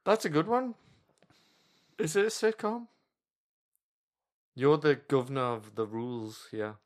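A man's voice: a little high, very animated, measured pace. Teasing, sweary podcast co-host man. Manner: teasing, swears freely, rambling. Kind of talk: casual banter.

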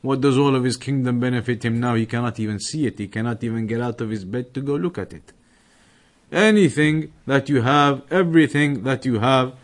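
A man teaching a religious class, explaining a text with repeated, emphatic examples. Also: medium pitch.

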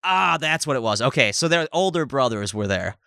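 A man's voice: mid-range voice, sing-song, fairly quick, creaky, sharp tone, dry recording, clean studio sound. A man co-hosting a podcast, rambling and joking crudely in casual chat. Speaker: podcast co-host.

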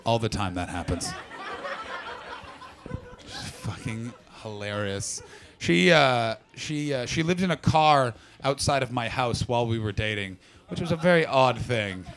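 A man's voice: mid-range voice, lively intonation, a little slow, fairly bright tone. A man in his thirties doing improvised stand-up comedy, rambling, swearing and chatting with the crowd. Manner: profane, rambling, chats with the audience. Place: comedy venue with audience.

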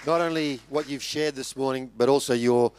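A man, a pastor thanking the speaker in a relaxed, informal way. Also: medium pitch, normal speed, slight background noise. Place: church.

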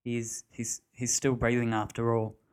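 A man reading a storybook figure: a frightened adult man who smokes, speaking in a strained, wobbly, croaking voice. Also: mid-range voice, monotone, measured pace, lightly acted. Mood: shaky.

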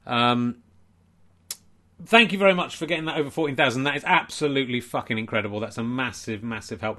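Brief: male comedian, late-night stream host, rambling, quiet and mock-pleading. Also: mid-range voice. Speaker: comedian hosting a charity livestream. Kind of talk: late-night comic livestream chat.

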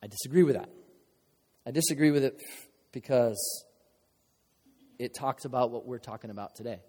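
A man's voice: mid-range voice, normal speed, warm tone, husky. Joking preacher man in a reverberant hall. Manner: informal and joking, with sudden emphatic bursts. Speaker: pastor. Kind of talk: conversational sermon. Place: church sanctuary. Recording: long reverb of a large hall.

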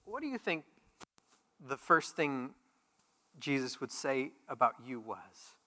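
A man preaching a sermon as pastor, speaking plainly and then rising to loud, emphatic peaks. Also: medium pitch, big pitch swings, takes it slowly, long reverb tail.

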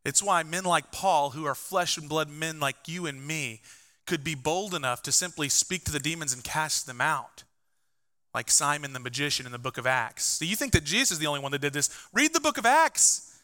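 A male pastor preaching with a very bright, ringing tone and a slightly high voice. He is emphatic, swings between loud bursts and quiet low lines, and drops into chatty asides. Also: a little fast. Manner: conversational asides with fillers. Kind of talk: sermon.

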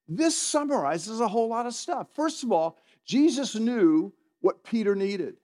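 High-voiced middle-aged pastor preaching. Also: male voice, animated, a little slow, few pauses, a little mellow. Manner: conversational, asks the congregation questions, chuckles often. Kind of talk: sermon. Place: church in front of a congregation.

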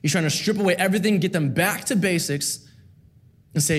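A man's voice: high voice, fairly quick. A man preaching a sermon to a church, earnest and rhythmic, repeating key phrases with rising emphasis.

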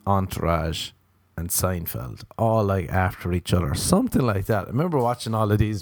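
A man's voice: low voice, animated, moderate pace, a little mellow, no room sound, clean studio sound. A young Irish man hosting a podcast, rambling and swearing in a casual comic monologue, often slipping into playful quoted voices. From Ireland. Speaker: podcast host.

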